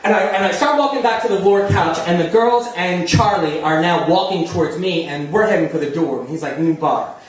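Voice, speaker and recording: A man's voice: high voice, a little fast, hardly any pauses, a little hiss or hum. A man from New Jersey telling a self-mocking comic story live on a small theater stage, chatty and laughing as he goes. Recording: echoey room, voice from far off.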